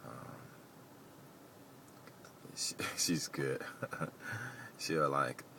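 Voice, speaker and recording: A man's voice: extremely low pitch, drawn-out words, gravelly. A middle-aged man vlogging as he drives, talking loosely and rambling, with lots of "you know" fillers. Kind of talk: casual rambling monologue while driving. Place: inside a moving car. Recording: loud road and engine noise. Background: car and traffic noise.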